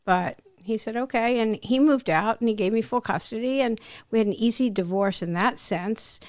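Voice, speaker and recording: A woman's voice: a little high, normal speed, darkish tone, no room sound, studio quality. A middle-aged woman telling personal stories as an interview guest, in an emotional, tumbling way that keeps interrupting itself. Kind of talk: candid personal storytelling.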